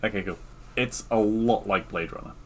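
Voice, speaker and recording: A man with a fairly low voice bantering as a podcast co-host. His speech is loose and filler-heavy, with a teasing edge toward his partner. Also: normal speed. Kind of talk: casual podcast chat.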